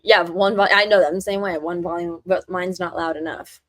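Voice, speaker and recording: A young woman co-hosting a podcast, chatting in a relaxed way at one steady volume. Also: on the low side, brisk, no room sound. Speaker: podcast co-host. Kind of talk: casual chat.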